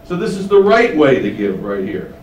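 A man's voice: mid-range voice, sing-song, moderate pace, a little mellow, echoey room, recorded from a distance, a little hiss or hum, low-quality recording. A man preaching an expository sermon in a conversational way, often asking rhetorical questions and building up emphasis. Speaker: pastor.

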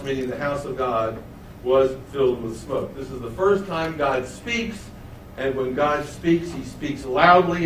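A man's voice: medium pitch, a little hiss or hum. A man teaching a Bible study lesson, asking his listeners questions and answering them himself. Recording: roomy, mic at a distance.

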